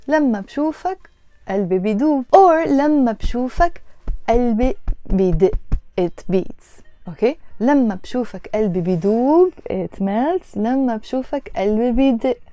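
A woman giving a casual language lesson, patiently explaining and repeating each phrase slowly. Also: medium pitch, warm tone, no echo. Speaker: Arabic teacher.

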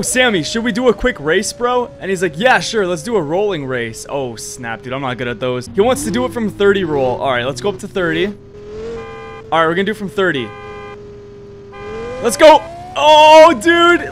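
Upbeat male gamer, high bouncy voice, slangy excited play-by-play. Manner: excitable, slangy, reads other players' chat aloud. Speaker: gaming creator. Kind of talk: gameplay role-play commentary.

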